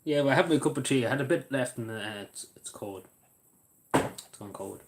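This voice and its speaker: A man's voice: mid-range voice, animated, normal speed, background noise. An Irish man chatting casually on a livestream, rambling and hesitant, swearing now and then.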